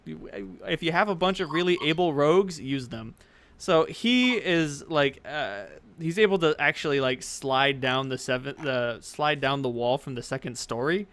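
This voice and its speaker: Casual young male game master, smooth voice. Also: on the high side, moderate pace, a bit bright. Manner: casual, rambling with many fillers. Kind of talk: narrating a tabletop game.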